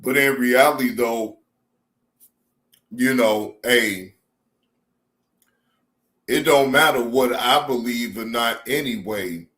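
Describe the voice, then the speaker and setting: A man's voice: medium pitch, slow pace, pauses often, fairly bright tone. A man hosting a reaction stream, commenting casually and calling his viewers family. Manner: laid-back, addresses viewers as family. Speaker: reaction show host.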